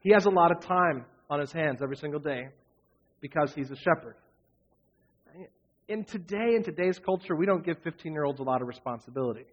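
A man's voice: fairly high pitch, animated, brisk. Man as pastor giving a sermon, earnest, leans on repeated phrases, dull lo-fi recording.

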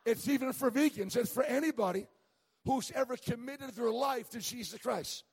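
A middle-aged male evangelist preaches in a church, his voice pitched very high with a husky, breathy edge. He tells humorous stories and trips over quick restarts. A long reverb trails each phrase through the sanctuary. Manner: storytelling with humor, many stammered restarts. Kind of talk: sermon.

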